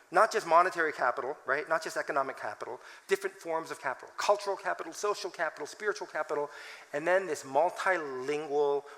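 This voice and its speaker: Brief: man in his forties, animated conference speaker, high bright voice, long hall reverb. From United States. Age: 40s. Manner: animated, self-mocking storytelling with laughs. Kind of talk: talk with scripture reading.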